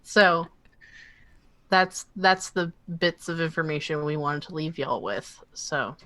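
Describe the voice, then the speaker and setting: A woman's voice: low voice, takes it slowly, sharp tone, no room sound. Chatty woman player, very dry sound. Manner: laughing, chatty, many fillers. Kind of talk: casual tabletop play.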